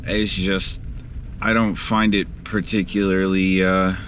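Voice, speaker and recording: A sleep-deprived young man talks in a slow, drawn-out way, rambling and cursing with frustration in a video diary. His voice sits very low. Steady car noise runs clearly under him. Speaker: vlogger.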